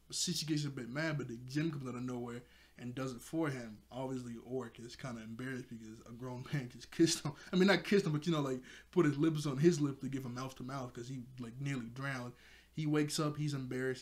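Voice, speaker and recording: A man sits and talks through a cartoon episode in a loose, chatty way. His voice sits in an ordinary middle range. He laughs often and scatters fillers through his sentences. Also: mid-range voice. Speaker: show reviewer. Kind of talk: casual episode recap.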